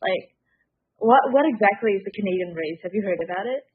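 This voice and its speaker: A woman's voice: medium pitch, animated, quick pace, husky. A woman hosting a casual talk, guiding the chat with questions and a lot of likes. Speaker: host. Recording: tinny phone-like line.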